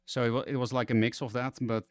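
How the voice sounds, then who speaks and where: A man's voice: mid-range voice, flat delivery, quick pace, dry recording, clean studio sound. A young man from the Netherlands with a Dutch accent, chatting and ranting casually as a streamer, swearing and exasperated.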